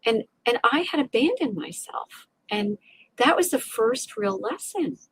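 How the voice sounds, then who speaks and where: A middle-aged woman, a resilience coach, telling an emotional personal story as a podcast guest, animated and acting out her inner voices with frequent restarts. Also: high voice, unhurried, vocal fry, husky.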